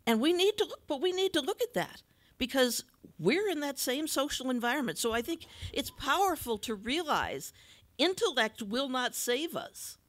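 This is a woman acting as moderator at a panel forum. Her voice sits a touch high. She talks in a relaxed, thoughtful, conversational way. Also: moderate pace. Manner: conversational, thoughtful, with light laughter. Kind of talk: panel discussion remarks.

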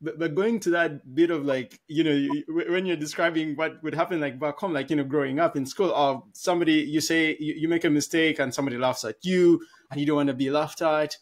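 A man with a voice pitched a little above the usual male range, co-hosting a podcast. He speaks in a relaxed conversational way, thinking aloud and working through ideas with everyday examples. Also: a little fast, hardly any pauses. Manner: thoughtful, explains with everyday examples. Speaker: podcast co-host. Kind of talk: casual conversation.

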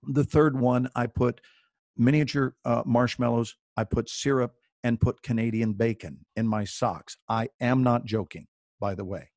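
A man's voice: mid-range voice, steady tone, unhurried, a little mellow, no room sound, clean studio sound. Playful theatrical storytelling man. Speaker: actor and guest speaker. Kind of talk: storytelling on a video call. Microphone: video call.

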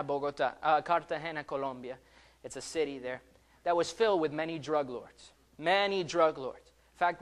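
A young man preaching a fervent sermon, rising loud on calls and dropping soft between them. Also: fairly high pitch.

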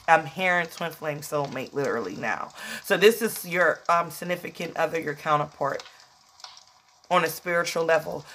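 A woman's voice: low voice, fairly bright tone, a little hiss or hum. Emotional chatty woman tarot reader. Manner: chatty, emotional, calls listeners "child". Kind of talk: casual tarot reading.

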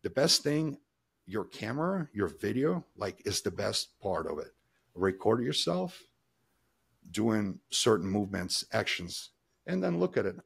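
A man with a fairly low, creaky, husky voice and a fairly bright tone is interviewed on a podcast as a body-language expert. He's animated yet keeps a measured pace, explaining at length in emphatic run-on sentences full of restarts. Little examples get acted out in quoted voices.

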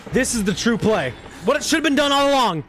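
A young man giving jokey, profane live commentary while playing a horror game, yelping and shouting when startled. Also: very high voice, very animated, fast, a little hiss or hum.

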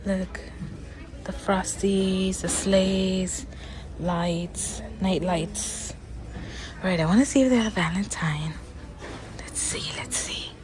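A woman's voice: mid-range voice, takes it slowly, background noise. Woman whispering in a store vlog. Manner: chatty, often drops to a whisper, excited gasps. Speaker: vlogger. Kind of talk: casual shopping vlog. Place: inside a large department store.

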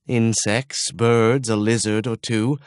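A man's voice: on the low side, level tone, slow, clear, resonant tone, no room sound, studio quality. A man voicing a hopeful, eager young man in an audiobook, speaking with reassuring energy.

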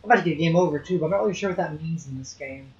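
A man's voice: on the high side, rapid-fire, a little mellow, dull audio, faint music behind. Chatty man playing a video game. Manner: chatty, thinking aloud and swearing at the game. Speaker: let's play host. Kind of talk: casual gameplay commentary.

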